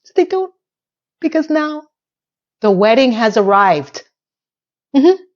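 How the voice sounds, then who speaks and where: A woman casually recapping a TV episode in a chatty, animated way. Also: high voice, takes it slowly, highs cut off. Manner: animated, acts out quotes.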